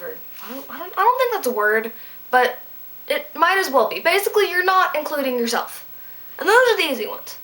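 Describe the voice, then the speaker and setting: A woman giving a casual video lesson on Latin verbs, playful and goofy, with quick jokes and side comments. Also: sits high, pushed and bright, rough recording. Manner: playful, goofy asides and self-deprecating jokes. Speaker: Latin tutor.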